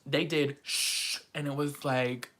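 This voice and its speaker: Casual vlog chat, excitable, slangy, swearing, slow unhurried delivery, bright tone. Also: mid-range voice. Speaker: concert-reviewing vlogger.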